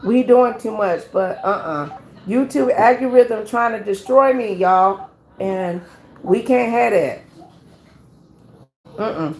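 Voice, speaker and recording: A woman hosting a casual live stream, chatting with her viewers as "y'all" and reading numbers out slowly. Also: medium pitch, darkish tone, slight background noise.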